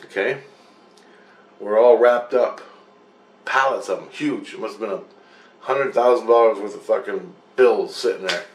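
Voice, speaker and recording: A man in his apartment telling a dream story in a rambling, profane, animated way. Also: lowish voice, normal speed, long pauses, echoey room. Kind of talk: casual storytelling. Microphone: camera mic.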